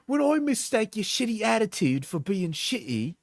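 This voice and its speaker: Man doing a shrill whiny mock-Cockney woman. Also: big pitch swings, creaky, dry recording, clean studio sound, exaggerated voice. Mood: scornful. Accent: mock British, Cockney attempt. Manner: mocking falsetto, drawn-out whiny delivery. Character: shrill angry young woman, petty and accusing. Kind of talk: mocking read-aloud of messages.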